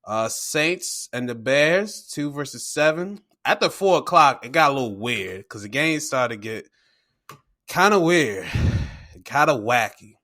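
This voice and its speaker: Excitable, slangy man with a bright voice. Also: medium pitch, measured pace. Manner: excitable and slangy, swears freely; retells games by acting out his own reactions. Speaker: sports podcast host. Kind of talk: casual sports recap chat.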